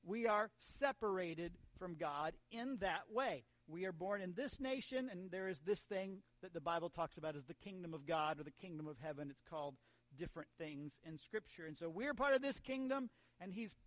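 Scripture mixes with jokes and asides as this American man, a pastor from the United States, preaches in a conversational style. His voice sits high and is expressive at a normal pace, with no room sound.

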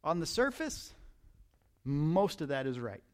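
A man's voice: fairly high pitch, sing-song, unhurried. A man preaching a sermon in a conversational, emphatic way, often repeating words as he starts a thought. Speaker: pastor.

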